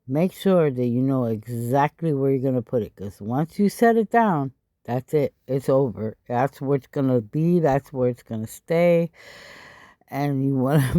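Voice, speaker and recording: A woman talks through a craft tutorial in a raspy, low, tired voice that sounds a little stuffy. Her tone is mellow and dark, and she takes her time, chatting and adding asides between steps. The recording is dry, with almost no room sound. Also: no echo. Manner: chatty, explaining step by step with frequent asides. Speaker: craft channel host.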